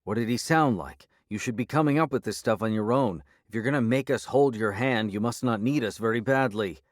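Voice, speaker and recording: A man voicing a blunt, sardonic small-town woman sheriff, brisk and impatient, in an audiobook. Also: mid-range voice, no echo, clean studio sound, natural voice. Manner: brisk, impatient, dryly sarcastic. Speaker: character voice in an audiobook.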